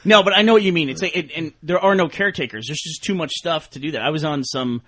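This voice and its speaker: A man's voice: fairly high pitch, quick pace, a bit bright. A man hosting a casual podcast chat, wry and reminiscing. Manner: wry, reminiscing about early internet sites. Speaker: podcast host.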